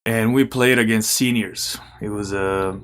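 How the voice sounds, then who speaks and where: A young man from Serbia with a Serbian accent, casually telling stories as a podcast guest, animated and swearing now and then. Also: on the low side, unhurried, slight background noise. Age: young adult. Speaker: podcast guest, former college basketball player. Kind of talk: casual storytelling interview.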